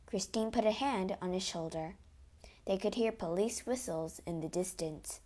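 A woman narrating a children's storybook aloud in an expressive, dramatic way. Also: mid-range voice, normal speed.

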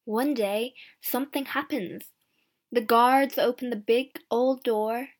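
Woman narrator, first-person storybook reading; slow, clear, slightly high. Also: fairly even intonation. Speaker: audiobook narrator.

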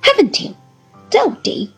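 A woman's voice: a little slow, fairly bright tone, soft background music, natural voice. A woman voicing a timid, coaxing young wife in a storybook reading, with a childlike, pleading manner.

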